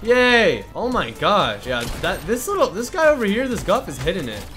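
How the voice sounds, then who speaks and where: A man hosting an in-game fashion show for a gaming channel, excitable and teasing, often breaking into playful shouts. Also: high-pitched, normal speed, over music.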